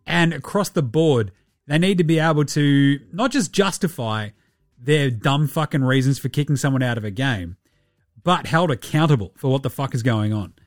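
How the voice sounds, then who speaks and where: A man's voice: mid-range voice, lively intonation, normal speed, dry recording, clean studio sound, faint music behind. A man hosting a basketball podcast, ranting with heavy swearing and putting on mock voices. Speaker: podcast host. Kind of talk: profane basketball commentary podcast.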